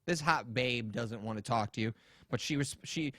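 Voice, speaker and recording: A man's voice: medium pitch, moderate pace, a bit bright, dry recording, studio quality. A man hosting a podcast, telling a story in casual, rambling chat, swearing and acting out quotes. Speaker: podcast host.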